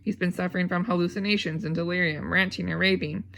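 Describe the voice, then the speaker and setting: A cold, scheming camp warden who answers curtly and defensively, as a woman reading aloud plays her. Her voice is a bit gravelly. It is heard in a storybook reading. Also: on the low side, fairly even intonation, quick pace, fairly bright tone.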